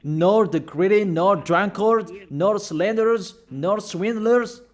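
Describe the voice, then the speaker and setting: High-voiced man preaching emphatically. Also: slow. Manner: emphatic, repetitive preaching, reads out verses. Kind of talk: sermon.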